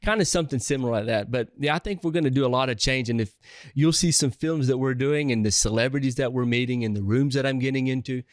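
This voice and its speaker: A man with a Southern accent, a real estate investor telling stories in a casual interview, energetic and rambling with many restarts. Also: medium pitch, quick pace, no echo, studio quality.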